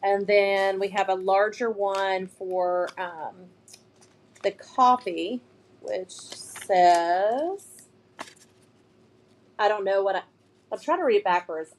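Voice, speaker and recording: A woman's voice: medium pitch, slow pace, pauses often. A chatty woman, showing new shop products on a casual live stream and reading funny signs aloud with giggles.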